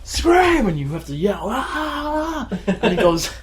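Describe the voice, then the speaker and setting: A tired man co-hosting a podcast in casual chat, rambling and laughing often as he acts out shouted quotes. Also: fairly high pitch, quick pace, a little hiss or hum. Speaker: podcast co-host.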